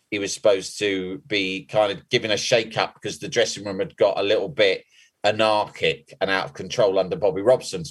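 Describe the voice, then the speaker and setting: A man co-hosting a football podcast, telling a story in a casual, laughing way and swearing freely. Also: low voice. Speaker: podcast co-host. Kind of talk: casual chat, telling an anecdote.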